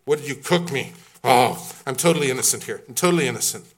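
A man's voice: sing-song, a little slow, exaggerated voice. A man doing a whiny, blame-shifting first man. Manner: whining, high-pitched and loud excuses.

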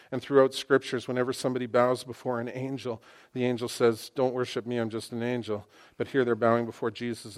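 Here a middle-aged preacher with a medium pitch speaks in an animated, chatty manner full of excitement. He tends to abandon sentences and begin them anew.

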